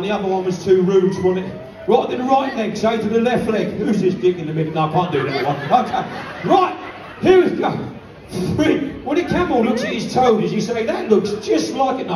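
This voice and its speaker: A man, a holiday park entertainer, telling jokes on stage and laughing along as he coaxes the audience. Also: high voice. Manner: playful, laughing at own jokes, coaxing the audience. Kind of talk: stage joke-telling to a crowd. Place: entertainment hall. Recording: echoey venue, mic far off, crowd noise.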